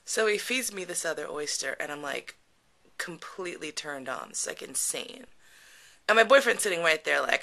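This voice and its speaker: A woman's voice: low voice, animated, normal speed, vocal fry, pushed and bright. A woman telling a frank personal story in a casual, chatty way, laughing often and full of fillers. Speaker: podcast storyteller.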